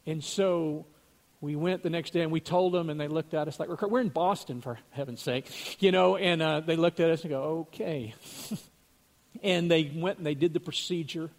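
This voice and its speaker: A man's voice: a little high, fairly even intonation, moderate pace, a little mellow. A man earnestly telling a religious testimony story, acting out what other people said.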